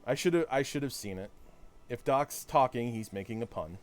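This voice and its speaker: A man streaming a video game chats casually with his viewers, talking to chat and poking fun at himself. His mid-range voice is expressive, moving at normal speed.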